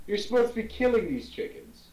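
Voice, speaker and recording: Man doing a swaggering crude devil boss, lively pitch, distant, echoey room. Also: fairly quick, highs cut off. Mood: contemptuous. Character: brash, crude devil commander, arrogant.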